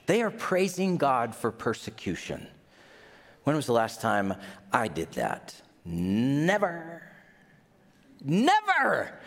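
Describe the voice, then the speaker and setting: A man preaching a sermon in a conversational, animated way, often rising to excited exclamations. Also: medium pitch. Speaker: pastor. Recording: long hall reverb.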